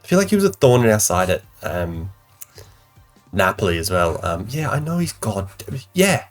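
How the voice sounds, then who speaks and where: Man, gaming commentator, animated play-by-play, exasperated, lowish voice, faint music underneath. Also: normal speed. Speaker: gaming YouTuber. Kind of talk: live game commentary.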